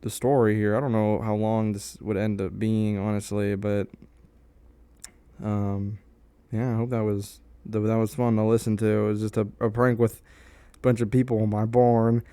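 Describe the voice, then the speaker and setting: A man's voice: fairly low pitch, little pitch movement, normal speed, mellow, smooth, no echo. A young man casually telling a story to the camera in a rambling way, with many fillers and restarts. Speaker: vlogger.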